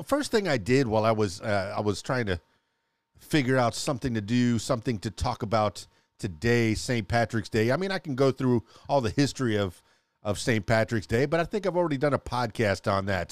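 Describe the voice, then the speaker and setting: A man's voice: medium pitch, dry recording. A man hosting a casual solo podcast, chatty and playful, often laughing and restarting his words. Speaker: podcast host. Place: home studio.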